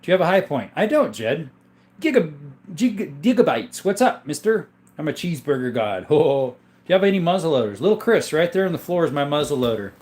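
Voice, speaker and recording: Quick-paced and a little mellow, this fairly high voice swings widely in pitch. The man hosts a laid-back livestream of his gun collection, rambling as he reads chat names and coughing occasionally since he's sick.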